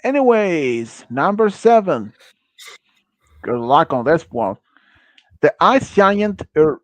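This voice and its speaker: A man runs a casual quiz on a stream, reading out each question and its options. His voice sits fairly high, and he stumbles through restarts and fillers as he goes. The sound is dry and close, with no room around it. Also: fairly bright tone, dry recording. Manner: halting, many fillers and restarts, non-native phrasing. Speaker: quiz host.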